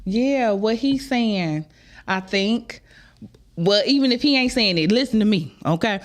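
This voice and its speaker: A woman hosting a live podcast, talking in a chatty, drawn-out, conversational way. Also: medium pitch, animated. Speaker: podcast host. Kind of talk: casual live-show chat.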